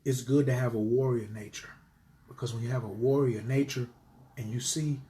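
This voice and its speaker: A man talking casually on a livestream to his viewers, animated and preachy, swearing freely and swinging between loud outbursts and quiet murmurs. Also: mid-range voice, normal speed. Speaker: livestream host. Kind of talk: casual live-stream talk to viewers.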